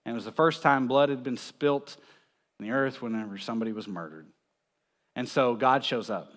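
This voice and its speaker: A man's voice: mid-range voice, brisk, fairly bright tone. A man preaching a conversational sermon in a church, telling stories with small chuckles and often checking in with "right?". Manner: chuckles between points. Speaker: pastor.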